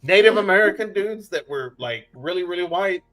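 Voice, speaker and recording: A middle-aged man co-hosting a casual live chat, telling stories in an animated way and laughing often. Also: sits high, brisk, soft background music.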